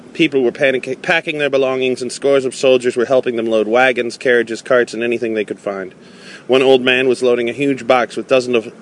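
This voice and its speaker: A man reading a novel aloud in a measured way, with small slips and restarts. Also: medium pitch, a little hiss or hum. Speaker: audiobook reader.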